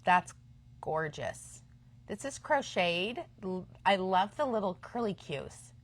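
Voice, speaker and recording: A woman in her fifties hosting a live stream for a yarn shop, chatting casually and enthusiastically, sometimes dropping to a quiet aside. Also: mid-range voice, animated, slow pace. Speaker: shop host. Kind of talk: live-stream product chat.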